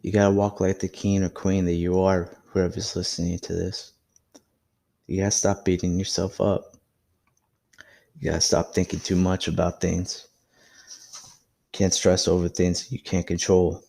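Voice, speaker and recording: Deep gravelly young man podcasting. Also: level tone, a little slow, pauses often, dark tone. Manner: storytelling, reflective and encouraging. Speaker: podcast host. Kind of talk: casual solo podcast monologue.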